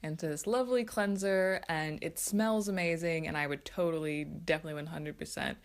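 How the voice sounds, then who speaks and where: Lowish-voiced woman gushing about skincare faves, chatty and upbeat. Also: steady tone, fairly quick. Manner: chatty, enthusiastic, self-aware. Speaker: beauty vlogger. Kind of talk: casual skincare review.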